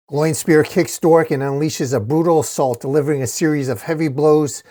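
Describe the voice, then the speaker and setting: A man's voice: on the high side, fairly even intonation, fairly quick, few pauses, dark tone. A man reading a fantasy comic aloud in a plain, casual storytelling way. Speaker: comic reader. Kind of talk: casual comic-book narration.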